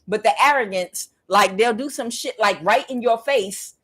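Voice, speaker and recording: A frank, profane woman tarot reader tells a personal story straight to her viewers in a casual, animated way. She laughs often and jumps into the voices of the people she describes. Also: on the high side, normal speed.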